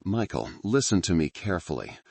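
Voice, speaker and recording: A man voicing a calm, wary male colleague working with the police, speaking in a measured, careful way. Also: sits low, vocal fry, dry recording, full character voice.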